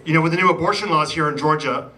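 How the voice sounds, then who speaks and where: A man's voice: a little high, racing. A man doing a stand-up set with a chatty, self-deprecating manner, stopping often on ums and you-knows. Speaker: stand-up comedian. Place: theatre stage before a live audience. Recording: distant mic, loud crowd and noise.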